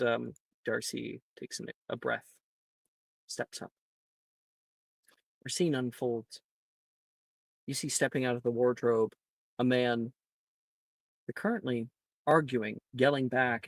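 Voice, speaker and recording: A man's voice: medium pitch, steady tone, a little slow, vocal fry, pauses often, dry recording. A man narrating a tabletop game as game master in a loose, casual way, often breaking into laughter.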